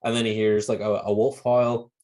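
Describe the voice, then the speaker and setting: A Northern Irish man co-hosting a podcast in casual chat, laughing often and acting out lines in high voices. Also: little pitch movement, normal speed, a little mellow. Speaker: podcast co-host.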